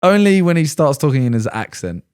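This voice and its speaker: A man's voice: fairly high pitch, big pitch swings, a little fast, darkish tone, clear, resonant tone, no echo, studio quality. A young man co-hosting a podcast, laid-back and playful, laughing often in casual banter. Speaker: podcast co-host.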